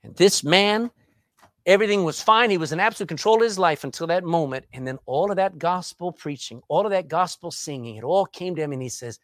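A man preaching a sermon, asking rhetorical questions and swinging between loud and soft. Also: a little high, animated, fairly quick, no echo.

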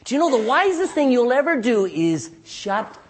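A pastor preaching a sermon, reading scripture aloud and calling for amens from the congregation, with dramatic swings between loud and hushed delivery. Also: male voice, extremely high pitch, very animated, normal speed, slight background noise. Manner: asks the congregation for "Amen?" responses; reads scripture in King James wording.

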